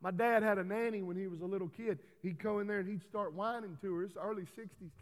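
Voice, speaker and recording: A man preaching a folksy sermon in a church, building to loud, emphatic calls. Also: high-pitched, steady tone, fast. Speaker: pastor. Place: church hall. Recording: reverberant church hall.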